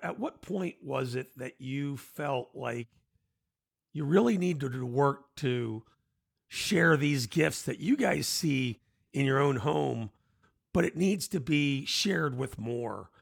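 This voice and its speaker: A man hosting an interview, asking his guest questions in a halting way and often repeating words as he frames them. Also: mid-range voice, lively intonation, creaky, no echo, studio quality. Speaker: podcast host.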